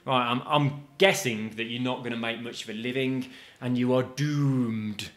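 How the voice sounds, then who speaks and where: A man giving let's-play commentary on a video game. He is chatty and jokey, swears casually and makes asides to his viewers, and his voice sits at an ordinary middle pitch. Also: steady tone, moderate pace, fairly bright tone. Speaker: gaming video host.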